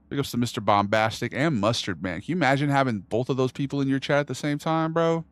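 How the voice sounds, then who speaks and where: A man's voice: medium pitch, quick pace, hardly any pauses, clear, resonant tone, no room sound. A young man streaming a video game, chatting casually with viewers in a slangy, joking way. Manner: joking, slangy, talks to chat while gaming. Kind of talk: casual live-stream chat. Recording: game music behind the voice.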